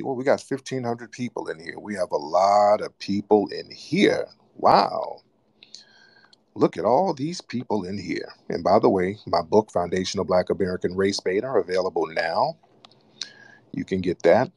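A low-pitched man hosts a live call-in broadcast. He mocks and scolds a caller at length. His voice sounds dry and close. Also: creaky, a little mellow, no room sound. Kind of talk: casual call-in radio talk.

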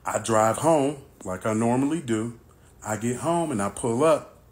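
A man narrating a personal story in storytime style, animated and acting out the dialogue. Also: medium pitch, unhurried.

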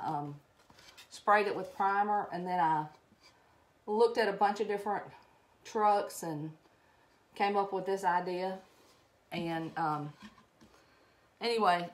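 A middle-aged woman from Alabama with a thick Southern accent talks through a craft project. She rambles in a casual, friendly way, greets her viewers and pokes fun at her own messiness. Her pitch sits right in the middle for a woman. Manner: chatty and rambling, greets viewers, laughs at herself. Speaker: craft live-stream host. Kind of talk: casual live-stream crafting demo.

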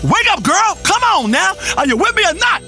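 Grandiose, volatile radio guru; lively high voice, erratic swings. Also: male voice, moderate pace, soft background music, exaggerated voice. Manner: volatile, rambling, swings from crooning to shouting. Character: erratic self-important male radio health guru. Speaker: radio health show host. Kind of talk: comedic radio talk show performance.

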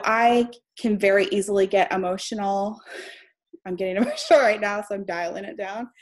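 A woman's voice: mid-range voice, a little mellow. Chatty, heartfelt young woman mentor. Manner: chatty and heartfelt, laughs between phrases. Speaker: mentor presenting on a live stream. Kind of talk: casual live-stream teaching.

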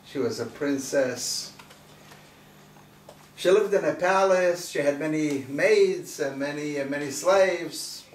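A man's voice: on the high side, slow. Man, rabbi, emphatic sermon, rhetorical questions, roomy room, distant mic. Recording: roomy distant recording, faint noise.

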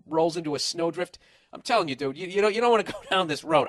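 A man's voice: fairly high pitch, lively intonation, fast, no echo. A man hosting a podcast, reading listener letters and giving blunt, profane advice in a casual, ranting monologue.

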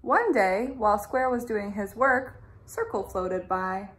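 A woman teacher reading a children's storybook aloud in a gentle, expressive way. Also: mid-range voice, takes it slowly, slight background noise.

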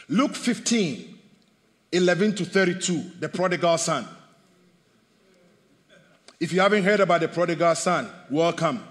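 A man preaching a sermon as pastor, animated, swinging between loud bursts and hushed asides. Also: sits high, big-room sound. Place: church hall.

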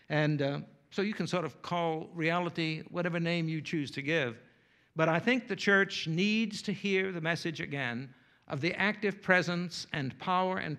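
A man's voice: a little high, sharp tone. A male pastor, preaching a sermon and telling a folksy, humorous story with playful asides.

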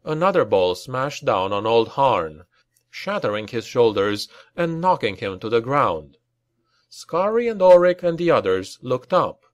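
A man reads a fantasy audiobook slowly and deliberately, his pitch rising and falling with the action. The recording is dry and close, with no room sound. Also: no echo. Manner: slow, deliberate reading with lively acted dialogue. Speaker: audiobook narrator. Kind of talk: dramatic audiobook narration.

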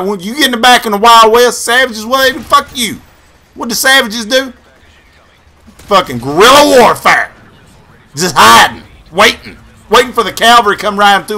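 A man giving loud, profane gameplay commentary full of boisterous trash talk and yells. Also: sits high. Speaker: gamer and video host.

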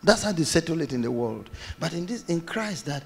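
A man's voice: fairly high pitch, sing-song, fairly quick, vocal fry, husky, long reverb tail. A man preaching a sermon as pastor, emphatic, repeating his phrases and acting out quotes.

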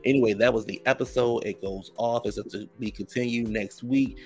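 A man's voice: steady tone, normal speed, faint music behind. A man casually recapping a reality TV episode in a sassy, profane, gossipy way. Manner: acts out quotes in higher voices.

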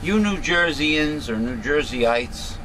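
A man's voice: fairly high pitch, animated, slow, background noise. A man co-hosting a casual political chat, cracking puns and making emphatic points. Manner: wisecracking, punning, emphatic. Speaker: co-host.

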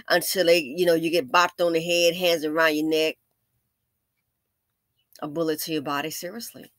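Woman commentator with a bright, forceful voice and a slightly high pitch, preachy and sassy, recorded dry. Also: steady tone, normal speed, no room sound. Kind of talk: true-crime commentary.

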